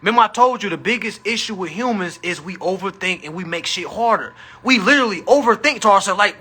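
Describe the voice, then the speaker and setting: A man with a high, very bright voice, talking on a live stream. His tone is husky and a little rough. He speaks casually and animatedly, with plenty of profanity and a preachy tone. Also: expressive, quick pace, hardly any pauses.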